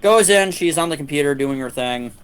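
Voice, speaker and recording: A man streaming a game tells a crude personal story. His voice sits a little high, and he swears freely. He does quick voices for the people in the story. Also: clean tone. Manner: profane, animated anecdote-telling with quoted voices. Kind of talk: casual storytelling while gaming.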